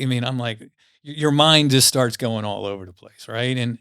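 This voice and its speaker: A man's voice: medium pitch, fairly bright tone, clear, resonant tone, no echo. A man as a podcast guest, speaking in an encouraging, emphatic way in a studio. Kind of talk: casual chat.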